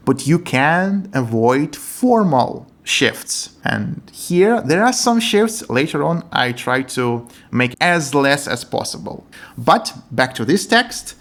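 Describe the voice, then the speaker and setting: Earnest man explaining poetry translation. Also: medium pitch. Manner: earnest, enthusiastic, non-native English phrasing.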